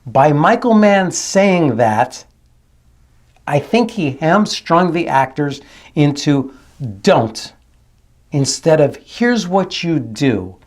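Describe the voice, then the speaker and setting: A man's voice: fairly high pitch, lively intonation, slow. A man who works as a dialect coach hosts his channel, giving emphatic commentary and repeating his key phrases. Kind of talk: analytical commentary to camera.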